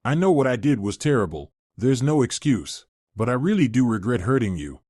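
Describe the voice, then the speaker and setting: A guilt-ridden young woman, put on by a male narrator, apologizing quietly. The recording is dry and close. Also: medium pitch, very animated, fairly quick, no echo. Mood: apologetic. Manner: apologetic, subdued.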